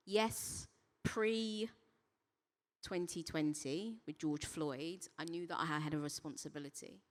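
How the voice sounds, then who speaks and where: A woman with a low-pitched voice speaks on a conference panel as a company director. She talks in an earnest, reflective way. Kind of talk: panel conversation.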